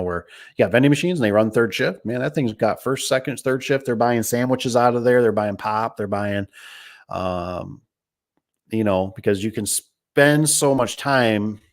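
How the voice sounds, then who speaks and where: A middle-aged man with a lowish voice tells stories about his garage door business in a loose, casual way. He rambles, backs up to restart his sentences, and drops quick impressions of the people he talks about. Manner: rambling, with many restarts and acted-out quotes. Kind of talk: casual storytelling.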